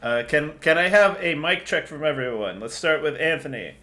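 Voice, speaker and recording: A man's voice: fairly high pitch, moderate pace. A man playing in a tabletop game, chatting casually and laughing often. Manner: giggly, excitable. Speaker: player. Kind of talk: casual chat.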